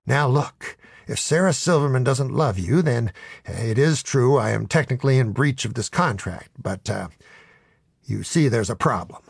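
A man voicing a shifty, wheedling male devil who talks in fast salesman patter, in a comic storybook reading. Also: medium pitch, lively intonation, creaky, husky, dry recording, clean studio sound. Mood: evasive. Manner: fast-talking salesman patter, fawning when scolded.

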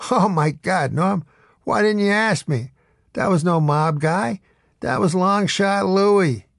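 A man voicing a calm, amused male bookmaker who has seen it all, in a raised voice in a spoken story. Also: sits high, takes it slowly, creaky, dry recording, studio quality, pitched above the performer's own voice, full character voice.

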